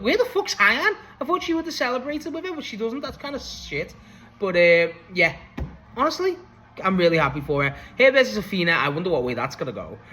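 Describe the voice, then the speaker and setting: Bright, excitable young man reviewing wrestling. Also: on the high side, low-quality recording. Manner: excitable, swears freely, laughs often. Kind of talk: casual recap and review.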